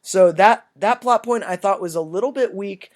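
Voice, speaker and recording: A man's voice: sits high, normal speed. A man co-hosting a podcast, chatting casually through a movie review in a loose, rambling way and swearing freely. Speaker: podcast co-host.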